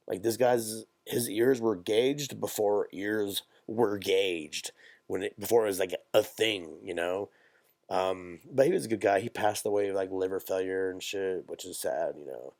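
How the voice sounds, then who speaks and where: A man's voice: low voice, darkish tone, dry recording, studio quality. A young man chatting casually on a podcast, telling rambling, profane stories with jokes. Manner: profane, rambling, jokey, quick bursts. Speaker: podcast co-host. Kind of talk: casual chat, storytelling.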